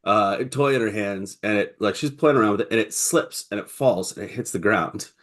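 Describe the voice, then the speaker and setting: A man co-hosting a podcast, telling a story in an animated way and often stumbling and repeating words, over a video call. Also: fairly low pitch, brisk. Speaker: podcast co-host. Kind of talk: casual chat.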